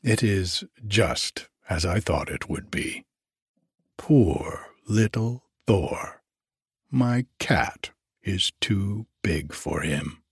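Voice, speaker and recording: A sly, gloating giant king, as a male narrator puts him on, mocking and scornful, sometimes dropping to a hush. The voice is low and husky, unhurried and dry. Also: dry recording, full character voice. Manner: gloating, taunting, often hushed to a whisper.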